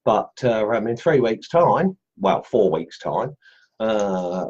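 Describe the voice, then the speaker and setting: Male host, rambling and joking, husky voice, slightly muffled lo-fi sound. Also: mid-range voice, lively intonation, moderate pace, a little mellow. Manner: chatty, jokey, rambling with many fillers. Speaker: host of a carving group livestream. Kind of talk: casual livestream chat.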